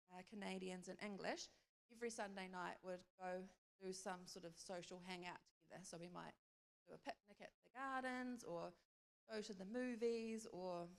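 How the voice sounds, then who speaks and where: A woman giving a conversational church talk, telling a personal story and acting out bits of dialogue. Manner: storytelling, acts out dialogue in a higher voice. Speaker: speaker sharing a testimony. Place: church hall. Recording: long hall reverb.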